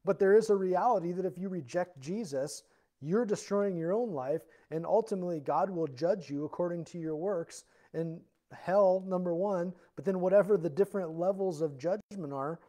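A man pastor giving a verse-by-verse Bible teaching in church, earnest and explanatory, rising loud when reading scripture aloud. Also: high-pitched, normal speed.

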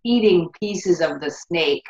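A woman's voice: on the low side, expressive, takes it slowly, darkish tone, reverberant, highs cut off. A woman in a casual podcast discussion, speaking thoughtfully and searching for her words.

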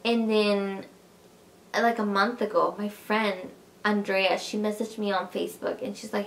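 Chatty young woman with a gravelly voice. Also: mid-range voice, steady tone, unhurried. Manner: chatty and emotional, addresses viewers as "you guys". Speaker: vlogger. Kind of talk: casual personal storytelling to camera.

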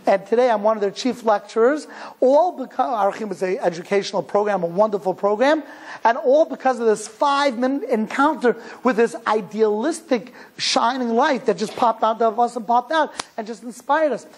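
A man's voice: very high voice, moderate pace, breathy edge. A man from the United States, a rabbi, giving a storytelling lecture and acting out the dialogue in his stories. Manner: animated, acts out quoted dialogue.

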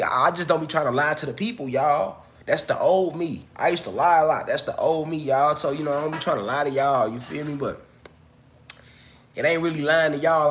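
A man's voice: mid-range voice, fairly bright tone, a little hiss or hum. Coughing man chatting loosely on a livestream. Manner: loose, profane, chatty, addresses viewers directly. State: coughing, recovering from illness. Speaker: livestream host. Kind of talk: casual livestream talk.

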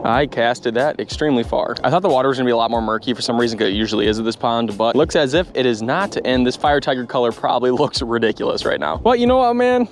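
A man of about twenty, a fishing vlogger, chatting casually outdoors by a pond in a joking, rambling way that turns excitable. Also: mid-range voice, fast talker, hardly any pauses, slight background noise. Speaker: bass fishing YouTuber. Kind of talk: casual vlog chat.

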